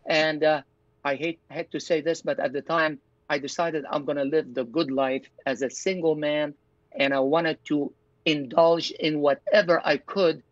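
Fairly high-pitched and fairly even, with a measured pace and no echo, this older pastor and doctor from Lebanon recounts his testimony in an interview. He tells it earnestly, voicing his past thoughts aloud, and the lo-fi recording sounds dull and dry.

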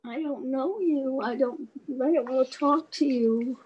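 A woman's voice: sits high, a little slow, breathy edge, dull audio, voice pushed up. A woman voicing a timid little shy fish in a storybook, hesitant and repeating herself.

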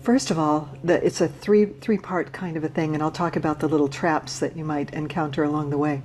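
A woman voice teacher giving a patient, measured explanation of a singing technique, with small restarts as she talks. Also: sits low, fairly even intonation, darkish tone, a little hiss or hum. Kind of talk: instructional talk to camera.

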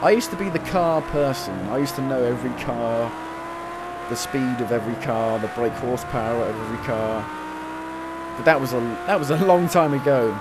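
A man of twenty giving casual, chatty commentary while playing a racing game demo, reacting with quick excited exclamations. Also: medium pitch. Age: 20s. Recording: loud racing game engine noise under the voice. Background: racing car engines from the game.

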